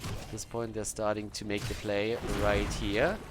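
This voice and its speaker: A man casting a video game match by himself, excited at big plays and calm between them. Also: lowish voice, unhurried, heavy background noise. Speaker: esports caster. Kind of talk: solo play-by-play commentary.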